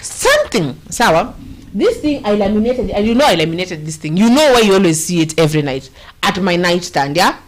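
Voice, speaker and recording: A woman's voice: medium pitch, very animated, a little fast. A woman with a Kenyan accent hosting a show, giving earnest, rambling political commentary and slipping Swahili slang into her English.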